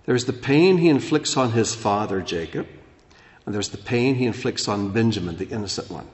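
A man preaching a sermon as pastor, dropping low and soft, then rising loud and animated. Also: normal speed. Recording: echoey hall.

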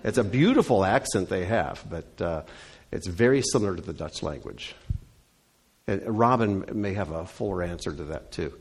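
A man's voice: low-pitched, animated, moderate pace, husky. A man leading a congregation meeting, telling stories and fielding questions in a folksy, conversational way. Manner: folksy storyteller. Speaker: congregation leader. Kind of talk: conversational report and Q&A.

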